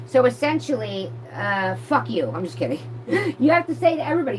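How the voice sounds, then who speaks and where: A woman giving a live tarot reading, reading cards aloud and breaking off into excited, profane outbursts. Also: fairly high pitch, normal speed, pauses often, slight background noise, rough recording. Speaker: tarot reader.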